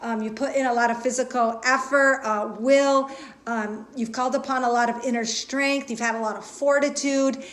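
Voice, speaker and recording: Woman host, slightly high voice, earnest and halting, live spiritual reading to viewers. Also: steady tone, a bit bright. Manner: earnest, repetitive, halting with fillers and restarts. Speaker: intuitive reader and host.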